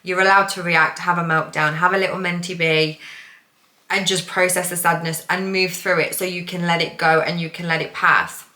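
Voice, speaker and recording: Bright, chatty woman in an echoey room. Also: lowish voice, little pitch movement, normal speed. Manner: chatty, swears freely, laughs at herself. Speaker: manifestation coach. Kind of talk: casual vlog talk. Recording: roomy echo.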